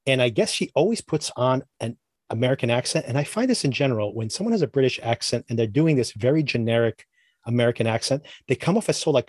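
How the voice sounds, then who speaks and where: Fast-talking man in casual podcast chat. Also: medium pitch, dry recording. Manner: opinionated, rambling with restarts. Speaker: podcast co-host.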